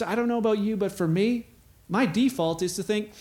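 A middle-aged man preaching a sermon, telling a story with animated, acted-out quotes. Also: high-pitched, a little fast. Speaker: pastor.

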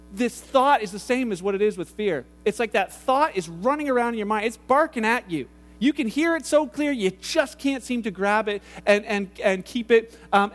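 Man, thirties, pastor, sermon, high voice, chatty storytelling. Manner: conversational, animated storytelling with acted quotes.

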